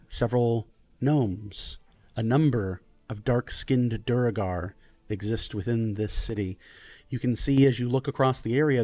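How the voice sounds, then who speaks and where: A man narrating as game master of a tabletop game, descriptive and unhurried, with frequent fillers. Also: mid-range voice, warm tone, no echo.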